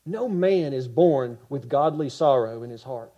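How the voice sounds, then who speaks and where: A man preaching a sermon with passion, rising to loud cries and dropping to hushed quiet. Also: medium pitch, lively intonation, measured pace, few pauses, dull audio.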